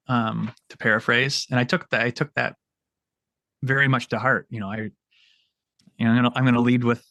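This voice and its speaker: A man, a military veteran, telling a story on a podcast in a halting way, often repeating words. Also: medium pitch, pushed and bright, dry recording.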